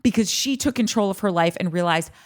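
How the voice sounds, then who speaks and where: A fast-talking woman with a mid-range voice hosts a podcast about a reality show. Her commentary is casual and animated, peppered with swearing and acted-out lines.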